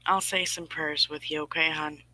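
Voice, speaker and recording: Livestream host, forties, rambling, emphatic, very bright tone, dry close sound. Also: medium pitch, flat delivery, moderate pace, no echo, low-quality recording. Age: 40s. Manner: rambling and emphatic, answers chat comments. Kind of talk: casual livestream talk to viewers.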